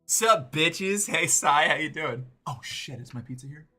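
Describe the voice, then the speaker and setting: A man's voice: fairly high pitch, moderate pace, pushed and bright, slightly rough, faint music behind. A man in his forties chatting casually and profanely while streaming a game, rambling and cutting himself off mid-thought. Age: 40s. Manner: rambling, profane, self-interrupting. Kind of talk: casual live-stream chat while gaming.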